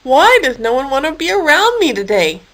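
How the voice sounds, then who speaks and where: A woman voicing a big, slow male hippo who is gloomy and lonely, with plaintive, drawn-out speech, in a storybook reading. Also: fairly high pitch, animated, a bit bright. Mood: sad.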